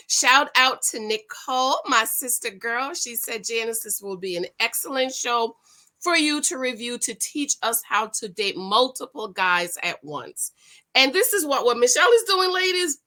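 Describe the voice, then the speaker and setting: Casting: woman, New York accent, bright, high-ish voice, animated vlogger chatting to camera. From Northeast United States. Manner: animated, lively, playful asides to viewers. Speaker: vlogger reviewing a dating show. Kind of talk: casual chat to camera.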